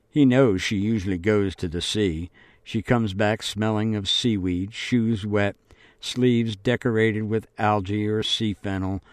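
Slow, low-voiced male audiobook narrator. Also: darkish tone, no echo. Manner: measured, deliberate reading.

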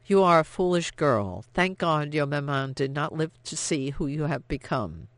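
A man's voice: fairly high pitch, animated, normal speed, fairly bright tone, dry recording. A narrator reading the lines of a stern, cold father who curtly scolds his grown daughter. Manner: cold, curt and disapproving.

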